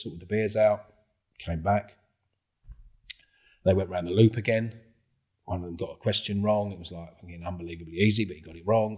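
A deep, husky-voiced man in middle age tells a story on a podcast where he's a guest. His telling is casual and animated, full of free swearing and acted-out dialogue.

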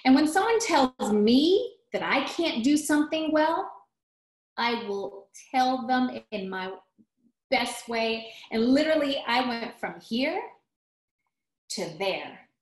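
A woman's voice: on the high side, slow. Woman telling stories in an echoey room. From United States. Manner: animated storyteller, acts out quotes, restarts often. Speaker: guest, musical theater actress. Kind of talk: casual interview storytelling.

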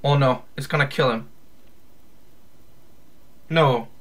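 A man commentating his own horror game play, jumpy and full of exclamations and yells at the scares. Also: mid-range voice, slow pace, poor audio. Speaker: gamer playing a horror fan game. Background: game music.

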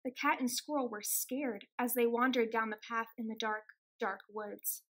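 A woman reads a children's picture book aloud in a gentle, expressive storytelling voice. Her pitch sits high. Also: moderate pace. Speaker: extension outreach reader.

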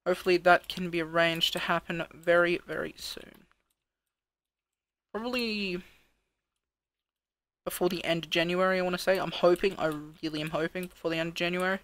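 A let's play host giving casual gameplay commentary, thinking aloud, counting out loud while building, and grumbling at his own work. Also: mid-range voice, steady tone, moderate pace, long pauses.

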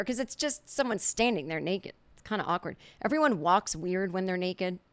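A woman's voice: on the low side, lively intonation, brisk, fairly bright tone, clean tone. A middle-aged woman hosting a podcast, telling a funny story in a casual monologue and acting out the quoted reactions. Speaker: podcast host.

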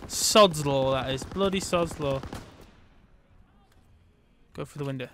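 A British man giving casual, excitable gameplay commentary as a gaming channel host, bantering with himself. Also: on the high side, slow. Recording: game gunfire and noise behind.

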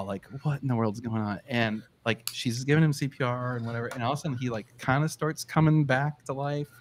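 A man telling a story in a casual live show chat, swearing freely and acting out quotes in a high voice. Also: slight background noise.

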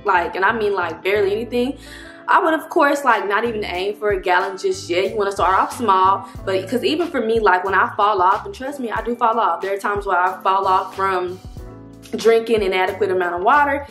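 A woman chats straight to her viewers in a loose, rambling way, her voice sitting in an ordinary middle pitch. She sounds slightly winded. The room gives her words a noticeable echo, with soft music playing faintly underneath. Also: a little fast. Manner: chatty, rambling, addresses viewers as y'all. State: slightly out of breath. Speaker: vlogger. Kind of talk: casual talking-head vlog.

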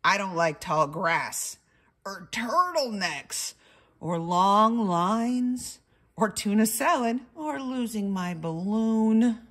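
A woman voicing a chatty, excitable female bird who never stops talking, in a high bubbly voice for a storybook. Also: slow.

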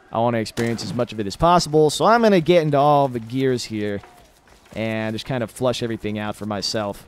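A young man casually commenting over his own gameplay, chatty, swearing and reacting loudly to the fights on screen. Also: medium pitch. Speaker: gamer doing a let's play. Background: game music and gunfire.

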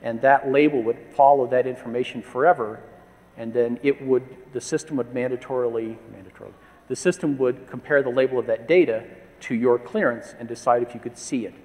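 A man's voice: medium pitch, steady tone, a little fast, a little mellow. A man in his fifties giving a conference presentation, telling anecdotes with wry asides. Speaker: conference speaker. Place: conference hall. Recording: long reverb of a large hall.

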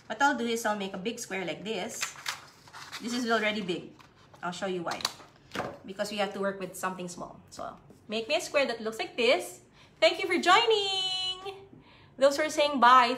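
Filipino woman, preschool art teacher on a live stream, high and crisp, patient kid-friendly delivery. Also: fairly bright tone. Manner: cheerful, slow, sing-song talk to young kids. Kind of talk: live-streamed craft lesson for children.

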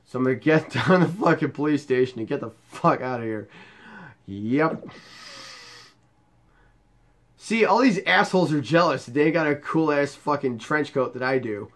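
A man's voice: fairly high pitch, expressive, normal speed, pauses often. A young man playing a wrestling video game and commenting crudely and sarcastically as he plays. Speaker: gaming YouTuber. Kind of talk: profane let's-play commentary.

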